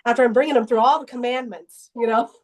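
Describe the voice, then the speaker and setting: A woman's voice: fairly high pitch, steady tone, fast, a little mellow. Earnest woman sharing her faith story. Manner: earnest and emotional, with many restarts and bursts of laughter. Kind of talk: personal testimony in an interview.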